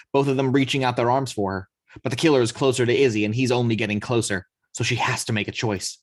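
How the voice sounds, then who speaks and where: A man narrating the action lines of a screenplay read-through in a steady storytelling manner. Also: mid-range voice, no echo. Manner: steady storytelling, occasional slips. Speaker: narrator reading action description.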